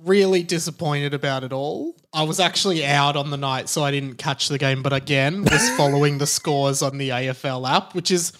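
A man's voice: on the high side, steady tone, normal speed, hardly any pauses, a bit bright. A man as a podcast guest, talking in an easygoing, slightly rueful way. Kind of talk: casual sports chat.

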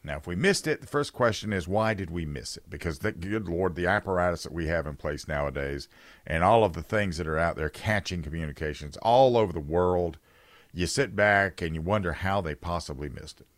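A deep-voiced man hosts a political talk radio show, sharing his opinions conversationally and reading listener texts aloud. He speaks briskly, with no room sound.

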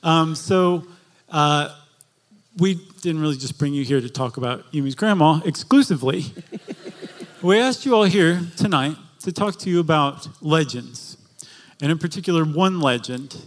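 A man's voice: on the high side, expressive, moderate pace. A chatty, joking man co-hosting a live podcast, telling a story to an audience and laughing often. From Florida. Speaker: podcast co-host. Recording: live show before an audience.

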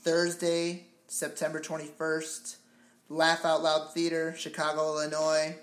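A man's voice: a little high, completely flat delivery, measured pace. A man co-hosting a casual podcast, rambling and hesitant with a joking manner. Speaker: podcast co-host and improv performer. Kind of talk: casual chat. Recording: echoey room.

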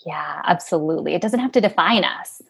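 Reflective woman guest, lowish voice. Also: expressive, brisk, vocal fry, fairly bright tone, slightly rough. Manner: reflective, uses many fillers like "like" and "um". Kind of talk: casual interview chat.

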